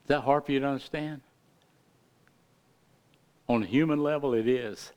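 The speaker is a middle-aged pastor giving a fervent sermon, rising to loud lines and then dropping to quiet, hushed ones. His medium-pitched voice is clear and resonant, moving at a normal pace.

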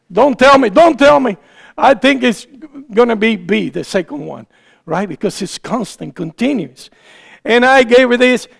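A pastor giving a conversational sermon, often asking the congregation questions and teasing them. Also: male voice, extremely high pitch, gravelly.

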